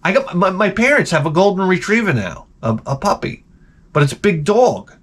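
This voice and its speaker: A man hosting his channel, telling comedic stories in an animated, profane, exaggerated way. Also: high voice, brisk. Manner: animated, profane, exaggerated, jumps into quoted voices. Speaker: channel host. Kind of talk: casual comedic storytelling rant.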